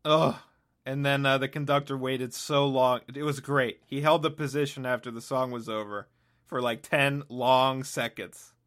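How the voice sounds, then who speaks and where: A man's voice: mid-range voice, fairly even intonation, moderate pace, fairly bright tone. A man hosting a podcast, rambling through a sardonic solo comic monologue and often cutting himself off mid-thought. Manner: rambling, sardonic, self-interrupting. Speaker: podcast host.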